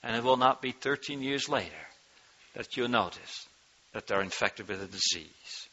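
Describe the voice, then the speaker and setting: A man preaching an earnest sermon, his voice rising in pitch and force when he reads from scripture. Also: animated, normal speed, bright, forceful tone, muffled recording. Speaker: pastor.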